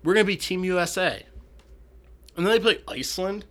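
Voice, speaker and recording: Bright, animated young man joking around. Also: high-pitched, fairly quick. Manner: animated, profane, acts out quotes for laughs. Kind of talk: casual chat.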